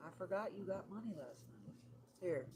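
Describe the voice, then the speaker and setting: A woman's voice: on the low side, very animated, normal speed. Blunt, cussing woman streamer, noisy recording. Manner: blunt, profane, exasperated. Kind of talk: casual chat while decorating cakes.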